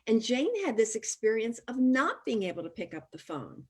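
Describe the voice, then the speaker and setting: A woman hosting a casual chat over a video call, a lively, chatty storyteller. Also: a little high, normal speed, breathy edge. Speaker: host.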